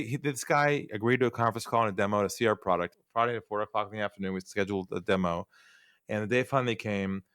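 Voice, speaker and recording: Here a man on the low side tells stories as a podcast guest, a sales trainer who animatedly performs the dialogue in this interview. The recording is dry and has clean studio sound.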